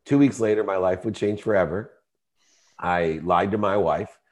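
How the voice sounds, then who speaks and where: Male guest, deep voice, passionate and emphatic storytelling. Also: moderate pace. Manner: emotional, emphatic, rising to shouting in quoted arguments. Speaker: entrepreneur guest. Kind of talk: storytelling in an interview.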